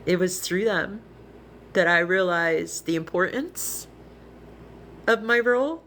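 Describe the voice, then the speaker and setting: A woman's voice: on the low side, slow pace, fairly bright tone, a little hiss or hum. Earnest, emotional woman on a live stream. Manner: earnest, heartfelt, rambling with restarts. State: tearful, emotional. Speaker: livestreamer. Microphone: phone.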